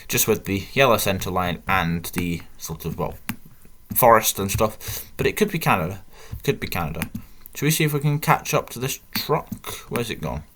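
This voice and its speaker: Chatty British man with a lively voice. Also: lowish voice, moderate pace, a little hiss or hum. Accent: British English. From Britain. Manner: chatty, rambling, self-mocking, jokey asides. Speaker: gaming channel host. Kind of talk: casual gameplay commentary.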